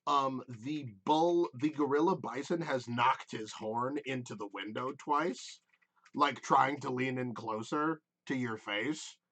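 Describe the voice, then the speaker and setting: A man's voice: medium pitch, slow, fairly bright tone. A young man running a tabletop game, narrating with lots of fillers and rambling asides. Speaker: game master.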